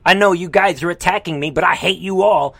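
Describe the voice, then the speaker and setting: A man putting on the voice of a sneering old male leader, mocking and loud. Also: high-pitched, fairly quick, gravelly, no echo, exaggerated voice. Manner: mocking, shouted.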